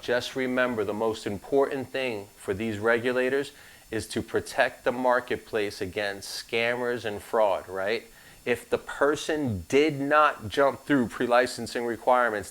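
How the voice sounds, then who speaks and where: A man's voice: mid-range voice, fairly bright tone, poor audio. A man teaching a live insurance licensing class, talking through the material in a casual, conversational way with frank asides.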